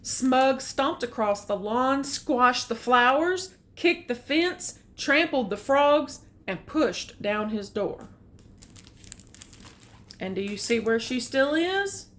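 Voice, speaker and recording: An older woman reading a picture book aloud, adding gentle, chatty comments about the pictures. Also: high voice, animated, slow, slight background noise. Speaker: storyteller.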